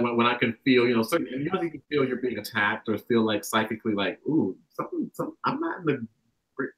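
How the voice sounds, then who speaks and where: A man's voice: mid-range voice, rough recording. Rambling young man from the South. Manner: rambling, animated, acts out quotes. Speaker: guest. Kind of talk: casual spiritual conversation.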